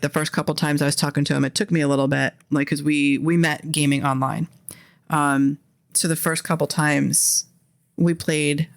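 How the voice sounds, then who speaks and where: American woman host, casual profane rant, slight fry in the voice, dry close sound, mid pitch. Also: no room sound. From American, Philadelphia area. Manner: profane, animated, self-interrupting. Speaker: indie author and podcast host. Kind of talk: casual ranting monologue.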